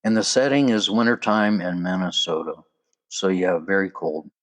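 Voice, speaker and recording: A man's voice: deep voice, moderate pace. A man hosting his own podcast, talking casually with chatty asides and a loose, conversational flow. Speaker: podcast host. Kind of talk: casual solo podcast talk.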